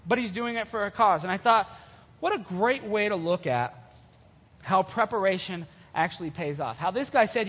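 Husky high-voiced male preacher. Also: normal speed. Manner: casual, animated storytelling to young listeners. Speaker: youth preacher. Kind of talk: sermon retelling a Bible story. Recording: dull sound with long hall reverb.

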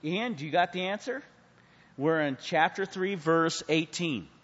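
A man teaching a Bible class in a church hall. He preaches with sudden swings from hushed to loud and asks the class questions, calling on people by name. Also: on the high side, unhurried. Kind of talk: Bible study sermon. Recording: muffled sound with a long hall reverb.

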